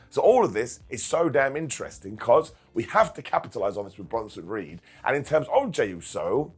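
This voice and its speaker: Husky, jokey male wrestling reviewer. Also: medium pitch, very animated, a little fast, few pauses. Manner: jokey and self-mocking, chuckles through sentences. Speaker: wrestling review show host. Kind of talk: casual video review commentary.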